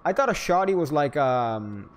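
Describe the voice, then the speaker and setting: A man's voice: on the high side, very animated, moderate pace. Rambling, joking young man streaming a game. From Florida. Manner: rambling, joking, profane, swings into loud hyped outbursts. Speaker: gaming streamer. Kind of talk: casual gameplay commentary.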